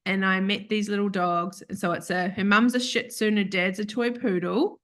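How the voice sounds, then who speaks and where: A woman tells a personal story in a casual, animated way. She talks over a video call as an interview guest, slipping into voices for the people she quotes and laughing between lines. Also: mid-range voice, moderate pace.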